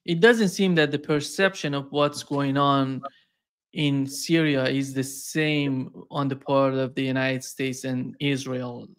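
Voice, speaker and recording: A man hosting an interview, asking questions in an unhurried way. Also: medium pitch, level tone, a bit bright, clean tone. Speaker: host.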